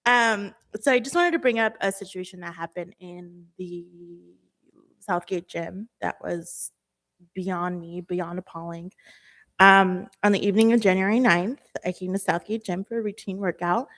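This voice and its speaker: Nervous young woman, halting public comment. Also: fairly low pitch, a bit bright. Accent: Southern Californian. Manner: nervous, emotional, halting with many fillers. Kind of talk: public comment at a city meeting.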